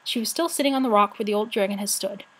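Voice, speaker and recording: A woman narrating a novel aloud for her channel, in steady storytelling. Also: medium pitch, quick pace, slightly rough. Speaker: channel host reading aloud.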